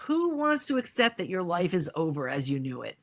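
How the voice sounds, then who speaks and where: Middle-aged woman telling her story on a podcast, lowish voice, jumps around a lot when she quotes people. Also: brisk. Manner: animated, acts out quoted voices. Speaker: podcast guest. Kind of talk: emotional personal storytelling.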